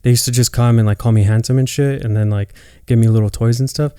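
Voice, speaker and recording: A man's voice: medium pitch, fairly even intonation, quick pace, warm tone, smooth, dry recording, clean studio sound. A man in his late twenties, co-hosting a podcast, telling family stories loosely and swearing freely. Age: 20s. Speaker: podcast co-host. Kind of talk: casual chat.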